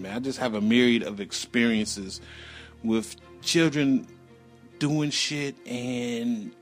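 A middle-aged man telling a personal story in a loose, profane, rambling way, acting out sounds as he goes. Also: mid-range voice. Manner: acts out sounds and voices animatedly.

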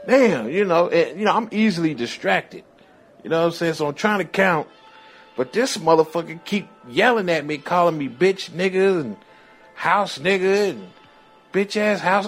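A man's voice: fairly high pitch, moderate pace, fairly bright tone, soft background music. A man who worked as a prison correctional officer telling a rambling, profane story in a casual way. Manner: profane, rambling, digressive, chuckling asides.

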